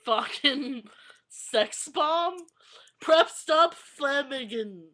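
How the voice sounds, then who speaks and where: Giggly young woman reading aloud slowly. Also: on the high side, lively intonation, bright, forceful tone. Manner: giggly, keeps breaking into laughter while reading. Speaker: vlogger. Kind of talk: casual vlog, reading aloud.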